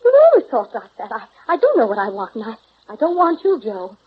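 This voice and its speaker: A woman's voice: a little high, sing-song, fairly quick, breathy edge, muffled recording. An actress in 1930s radio acting, playing an emotional, pleading young woman in love, heard on a hissy vintage radio broadcast. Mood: distraught.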